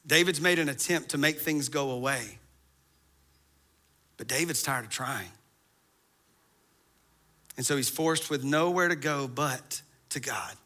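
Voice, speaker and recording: Speaking a little slowly with long pauses, this pastor has a mid-range voice that comes across pushed and bright. His sermon moves between casual asides and fervent, impassioned appeals, rising to passionate crescendos.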